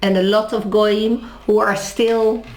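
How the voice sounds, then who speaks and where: A woman's voice: mid-range voice, flat delivery, a little slow, darkish tone. A woman, interviewed in a casual conversation, telling a story with many restarts and acted-out dialogue. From Netherlands. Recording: echoey room.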